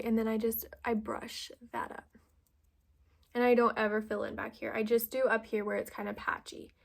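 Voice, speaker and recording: Chatty young woman, makeup tutorial. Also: a little high. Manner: chatty, filler-heavy, self-deprecating. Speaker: vlogger.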